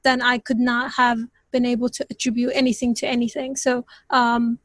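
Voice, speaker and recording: A woman's voice: a little high, level tone, normal speed, dry recording. A woman in a study group discussion, thinking aloud in a tentative, hedging way. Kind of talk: reflective discussion comment.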